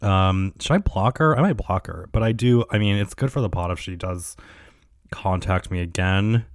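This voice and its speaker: A man's voice: low voice, normal speed, no room sound, clean studio sound. A man hosting a podcast alone, ranting in a profane, sarcastic and rambling way. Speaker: podcast host. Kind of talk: casual solo rant.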